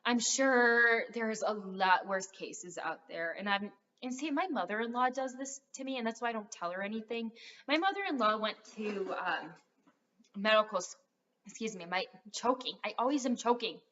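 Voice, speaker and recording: A woman's voice: fairly high pitch, expressive, moderate pace, a bit bright. A young adult woman rambling through a casual vlog, full of fillers as she talks straight to her viewers. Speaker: vlogger. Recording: dull lo-fi sound.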